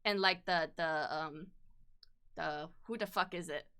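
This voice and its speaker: Bright, crisp-voiced young woman streamer. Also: low-pitched, a little slow. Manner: casual, swears freely, bursts of excitement. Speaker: streamer and artist. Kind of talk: casual livestream chat while sketching.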